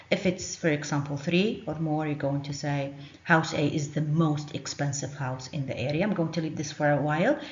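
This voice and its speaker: Low-voiced woman teaching grammar, roomy and dull. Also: darkish tone. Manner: hesitant, halting explanations with many fillers. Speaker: English teacher. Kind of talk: recorded grammar lesson.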